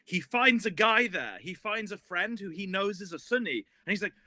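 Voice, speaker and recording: A man with a light, high and very bright voice tells a story with lots of energy, circling back and restarting as he goes. The sound is close and dry, with no room around it. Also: moderate pace, dry recording. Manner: animated, rambling, many restarts. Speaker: guest historian. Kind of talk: casual storytelling.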